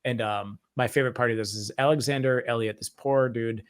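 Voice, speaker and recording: A man co-hosting a horror movie review podcast in casual chat, animated and swearing freely. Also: medium pitch, a little fast, clean tone. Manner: animated, swears freely, acts out silly voices. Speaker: podcast co-host.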